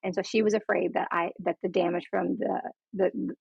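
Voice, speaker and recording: A woman's voice: lowish voice, little pitch movement, normal speed, gravelly, darkish tone, slightly rough, dry recording. A woman frankly and earnestly telling her own story in a conversation, acting out the people she quotes. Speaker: patient sharing her story. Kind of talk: candid personal storytelling conversation. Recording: dull lo-fi dry sound.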